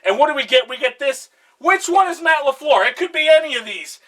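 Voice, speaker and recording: A young man giving a mock-serious comedic presentation, passionate and out of breath, bursting into shouts. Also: very high-pitched, lively intonation, fairly quick.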